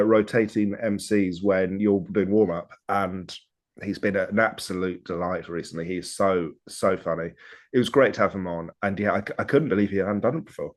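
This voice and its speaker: A man with a low voice co-hosts a relaxed podcast conversation. He talks eagerly and keeps backing up his partner with quick agreement. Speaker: podcast co-host. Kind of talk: casual podcast chat.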